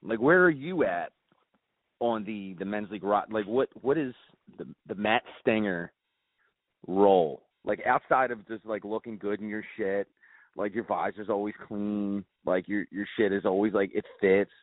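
A man's voice: fairly low pitch, normal speed, no echo. Man, 40s, laid-back teasing banter, dry, narrow phone-like sound. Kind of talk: casual chat.

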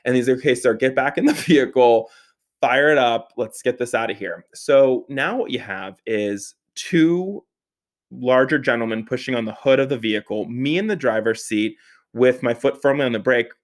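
Young guy telling a crazy story, lots of swearing and laughing, super animated. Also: mid-range voice, normal speed. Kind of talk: casual anecdote telling.

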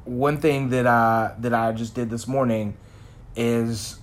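A man thinking out loud in a personal vlog, candid and self-examining. He rambles and restarts his sentences as he searches for the right words. His voice sits at an ordinary middle pitch for a man. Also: steady tone, takes it slowly. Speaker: vlogger in sales.

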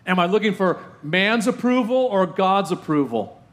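Emphatic preaching pastor, raised voice. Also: male voice, high-pitched, lively intonation, a bit bright. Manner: rhetorical questions, emphatic repetition, dramatic pauses; slows down heavily to stress key phrases. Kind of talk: sermon.

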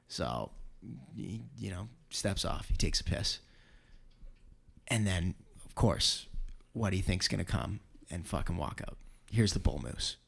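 Lower-voiced man, casual storyteller, swears often and acts out quotes. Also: gravelly, fairly bright tone. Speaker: guest telling a hunting story. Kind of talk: casual podcast chat.

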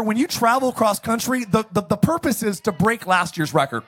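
Man, pastor, sermon; high and breathy, playful with the congregation. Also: lively intonation, normal speed, fairly bright tone. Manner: jokey, calls for congregation responses.

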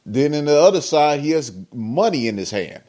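A podcast host delivers rambling, opinionated casual commentary full of fillers. His voice is a little high, animated and warm, at a normal speed.

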